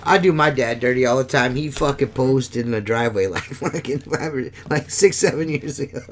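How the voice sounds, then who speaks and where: A man's voice: medium pitch, moderate pace, slight background noise. A man in casual podcast chat, profane and boisterous, laughing often. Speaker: podcast co-host.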